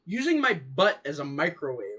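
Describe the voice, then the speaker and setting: A man's voice: a little high, big pitch swings, brisk, pushed and bright, breathy edge, lo-fi sound. A man co-hosting a casual podcast, teasing his friend playfully. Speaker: podcast co-host. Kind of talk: casual chat.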